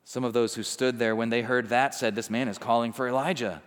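A man preaching a sermon, swinging from loud intensity to hushed quiet and acting out the people he quotes. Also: mid-range voice, steady tone, fairly quick, smooth, in a large hall. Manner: acts out quoted people in conversational asides. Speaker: pastor.

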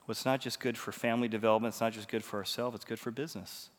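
A man's voice: mid-range voice, steady tone, very fast, few pauses. Preaching man in a reverberant hall. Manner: swings between hushed storytelling and loud emphatic preaching. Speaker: pastor. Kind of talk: sermon. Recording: long reverb of a large hall.

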